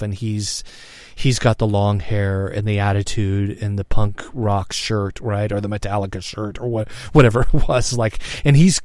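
A man's voice: lowish voice, a little mellow, no room sound. A man of fifty telling a personal story in a frank, reflective monologue, swearing freely and often restarting his sentences. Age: 50s. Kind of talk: candid spoken monologue.

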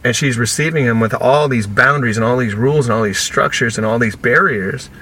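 A man with a bright, forceful voice talks casually as an interview guest. He is an animated storyteller who slips into the voices of the people he quotes. A faint hiss sits under his speech. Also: medium pitch, brisk. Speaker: podcast guest, author and speaker.

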